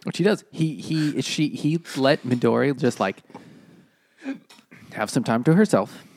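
A man co-hosting a casual book-club podcast, retelling the plot with lively acted quotes. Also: mid-range voice, measured pace. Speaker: podcast co-host.

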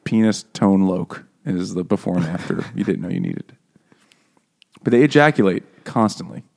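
A man's voice: deep voice, lively intonation, normal speed, creaky, a little mellow. A man co-hosting a podcast, rambling and joking with friends in casual, profane chat. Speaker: podcast co-host.

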